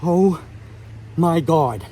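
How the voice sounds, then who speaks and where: A man's voice: on the high side, lively intonation, extremely slow, warm tone, slight background noise. A man vlogging while fly fishing, out of breath and overwhelmed, talking into a phone while standing in a stream. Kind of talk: emotional outdoor vlog. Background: flowing stream.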